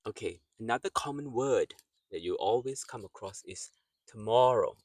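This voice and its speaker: A man teaching English pronunciation, saying example words slowly and repeating them with clear syllable stress. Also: on the low side, lively intonation, no echo.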